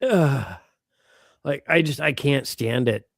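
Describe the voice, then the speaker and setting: Casting: middle-aged male podcast co-host, lively swings in pitch, dry close sound. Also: slow pace, creaky, no room sound. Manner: animated, swearing, laughs often. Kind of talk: casual chat.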